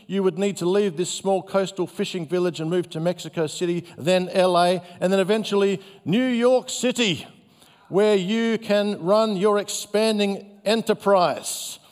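A man voicing a brash, pushy male investment banker, pitched up above his own voice. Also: fairly even intonation, unhurried. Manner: pushy, upbeat salesman pitch. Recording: long hall reverb.

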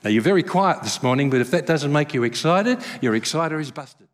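A man's voice: fairly high pitch, brisk. Man preaching in a reverberant church. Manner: conversational, self-deprecating, animated storytelling. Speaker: pastor. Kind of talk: sermon. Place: church service. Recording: long hall reverb.

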